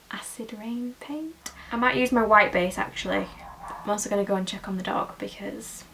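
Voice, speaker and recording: A woman's voice: on the high side, a bit bright, slight background noise, rough recording. A woman, chatting her way through a casual makeup tutorial at home in a rambling, talkative way. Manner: chatty and rambling, full of "like" and "you know". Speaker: makeup vlogger.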